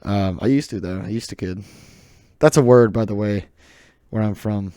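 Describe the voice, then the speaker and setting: On his solo podcast, a teen from the American South rambles, chuckles often and makes jokes at his own expense. His voice is fairly low, dark, clear and resonant at a moderate pace, captured through a close desk mic with studio quality and no echo.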